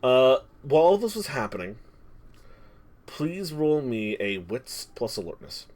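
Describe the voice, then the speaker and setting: A man's voice: mid-range voice, very animated, measured pace, darkish tone. A man running a tabletop game as game master, narrating scenes dramatically and asking players for rolls. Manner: dramatic, descriptive storytelling with frequent restarts.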